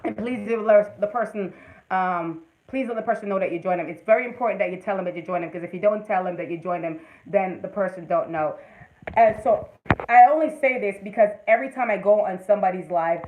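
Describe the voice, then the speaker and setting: A woman's voice: mid-range voice, fast, phone-quality sound. A woman hosting a casual livestream, giving motivational advice and greeting viewers by name. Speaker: livestream host.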